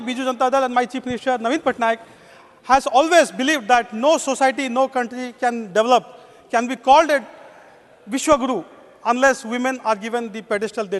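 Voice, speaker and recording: High-voiced Indian man addressing parliament. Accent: Indian English. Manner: formal, says "sir" constantly. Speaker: member of parliament. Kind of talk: parliamentary speech. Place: parliament chamber. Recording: long echo of a large chamber.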